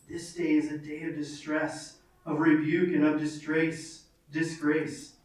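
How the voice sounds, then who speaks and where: A man's voice: on the high side, darkish tone. A man preaching a sermon in earnest, reading scripture aloud and repeating phrases for weight. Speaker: pastor. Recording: very echoey, from far off.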